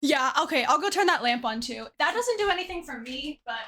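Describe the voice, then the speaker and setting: A woman's voice: high-pitched, lively intonation, a little fast, sharp tone. A young woman streamer chatting casually to her chat from a dim room at her desk, self-deprecating and trailing off with fillers.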